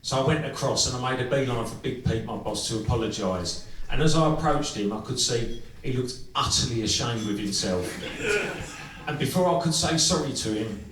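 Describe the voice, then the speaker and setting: Male comic, stage storytelling, crude and dry, mid-pitched, live club, echoey and distant. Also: a bit bright, slight background noise. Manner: crude and swearing, dry and unhurried. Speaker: comedian and singer. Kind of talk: stand-up storytelling. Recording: echoey club room from far off with music.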